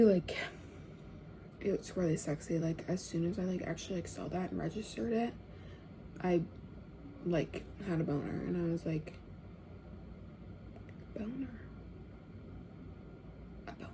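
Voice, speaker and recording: A young woman telling a casual storytime, chatty and full of fillers, often dropping to hushed tones. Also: fairly low pitch, a little hiss or hum.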